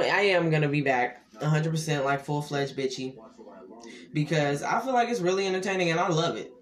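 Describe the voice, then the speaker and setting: Rambling young man hosting a podcast. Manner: rambling, loose and slangy, with sudden pitch jumps. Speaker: podcast host. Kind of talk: casual solo podcast chat.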